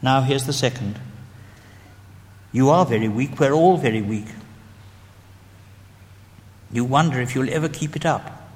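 A man preaching an evangelistic sermon, gently and deliberately leading the listeners through prayers. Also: mid-range voice. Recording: long hall reverb.

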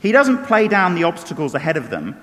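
A man preaching a sermon, animated, swinging between loud emphatic lines and hushed low asides. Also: fairly quick. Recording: long reverb of a large hall.

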